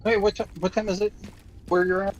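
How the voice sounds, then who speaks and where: A man's voice: sits high, flat delivery, a little fast, dull audio, slight background noise. A man casually chatting with a friend during a game stream, asking easygoing questions. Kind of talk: casual chat on a call.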